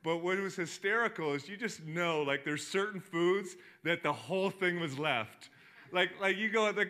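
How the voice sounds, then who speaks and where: A man's voice: medium pitch, bright, forceful tone. A middle-aged man giving a sermon as a pastor, talking conversationally with lots of restarts and fillers.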